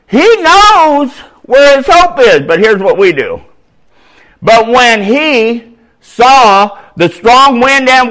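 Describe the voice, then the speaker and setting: Slow, animated male preacher. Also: high-pitched. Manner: animated, shouting at peaks, conversational asides. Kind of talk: sermon.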